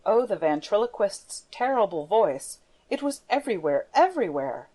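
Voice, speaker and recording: A woman narrating an audiobook in a measured storytelling manner. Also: medium pitch, sing-song, dark tone. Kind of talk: scripted narration.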